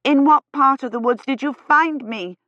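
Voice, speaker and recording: A woman's voice: sits high, normal speed, a bit bright, dry recording, voice pushed up. A woman reading aloud, voicing a frightened young woman scholar who pleads anxiously. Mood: desperate. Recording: slightly dull, dry audio.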